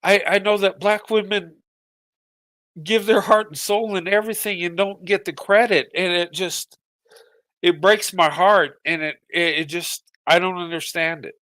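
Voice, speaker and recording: Middle-aged man, fairly high voice, tearful, halting, stumbling repeats, dry close sound. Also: steady tone, pushed and bright, dry recording. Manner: halting, repeats words, voice breaking with emotion. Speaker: vlogger. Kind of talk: emotional personal monologue.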